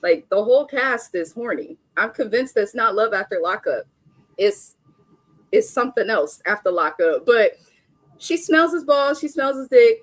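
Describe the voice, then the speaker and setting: A woman's voice: a little high, lively intonation, moderate pace, dry recording. A young adult woman hosting a live stream, giving a casual, blunt recap of a reality show with frequent chatty asides.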